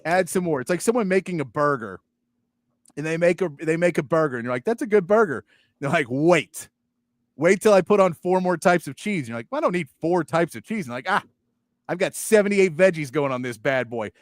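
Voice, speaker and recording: A male sports talk host chatting casually, animated and mocking, acting out lines as he goes. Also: a little high, brisk, no echo, clean studio sound. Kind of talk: casual chat.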